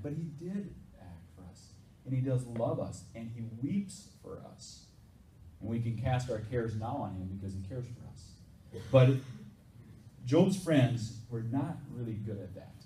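A man's voice: mid-range voice, dark tone. A male pastor preaching a sermon in a conversational way, putting questions to the congregation. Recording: echoey hall, distant mic, faint noise.

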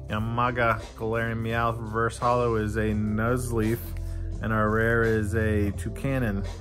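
A middle-aged man casually chatting as he opens trading card packs and reads out each card name. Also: on the low side. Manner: chatty, reads card names aloud in lists. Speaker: card unboxing host. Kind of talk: casual unboxing commentary. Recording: music playing behind.

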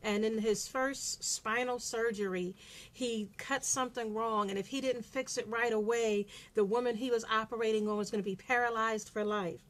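Emphatic middle-aged woman, fairly high voice. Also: steady tone, normal speed, fairly bright tone. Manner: emphatic, repeats phrases for stress. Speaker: blogger. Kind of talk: motivational monologue.

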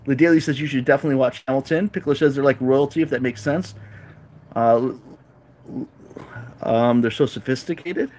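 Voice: fairly quick, long pauses, darkish tone. Streamer reading chat and cooing at kittens. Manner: reads viewer comments aloud and answers them; coos in a high baby-talk voice at kittens. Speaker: livestream host. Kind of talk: casual live chat with viewers.

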